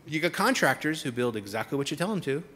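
A man's voice: fairly high pitch, sing-song, fast talker, a bit bright, a little hiss or hum. A man giving a comedic keynote speech on a conference stage, with a sarcastic, punchy delivery and repeated punchlines. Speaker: keynote speaker.

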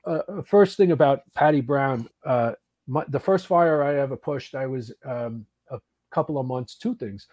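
Husky man in his sixties telling stories. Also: mid-range voice, normal speed. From United States. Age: 60s. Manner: animated, swearing, trails off and restarts. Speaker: podcast guest, actor and volunteer firefighter. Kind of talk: casual storytelling.

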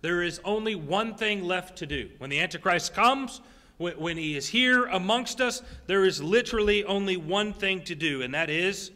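A man pastor preaching a sermon in a church, animated and jokey, with quick asides to the congregation. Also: high-pitched. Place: church sanctuary. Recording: long church hall reverb.

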